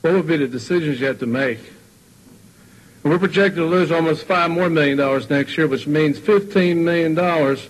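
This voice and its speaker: A man's voice: on the high side, low-quality recording. Man asking pointed rhetorical questions. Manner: poses rhetorical questions, measured. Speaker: school superintendent. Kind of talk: testimony to a state board.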